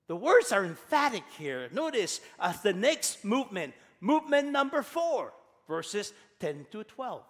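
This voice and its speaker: A male pastor preaching an animated, emphatic sermon. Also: sits high, a little slow. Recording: long church reverb.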